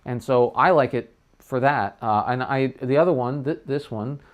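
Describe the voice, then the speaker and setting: A man's voice: medium pitch, moderate pace, dull audio. A middle-aged man teaching trumpet tonguing in a casual livestream lesson, chatting loosely and sounding out syllables.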